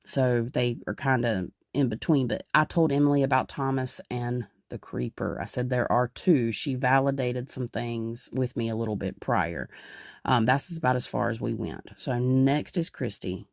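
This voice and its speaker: A woman's voice: rumbling low, normal speed, creaky, darkish tone, dry recording, clean studio sound. A young woman hosting a podcast as a psychic medium, explaining in a rambling, casual way with many fillers.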